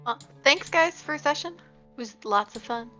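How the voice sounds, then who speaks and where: A woman's voice: high-pitched, animated, moderate pace, pushed and bright, faint music behind. A woman player in a tabletop game, chatting casually after the session, full of fillers and laughter. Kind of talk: casual post-session chat.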